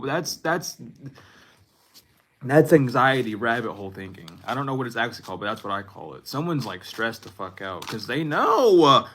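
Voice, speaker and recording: Man in his twenties, bright and forward, talking loosely to his viewers and breaking off mid-thought. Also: medium pitch. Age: 20s. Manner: rambling, self-interrupting, laughs at himself. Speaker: tarot reader. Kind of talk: casual spiritual reading to viewers.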